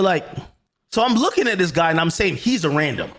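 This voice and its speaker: A man's voice: fairly high pitch, very animated, a little fast. A man telling a story in a heated rant, swearing, repeating himself and quoting others. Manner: swears a lot, repeats himself, grows loud and shouting.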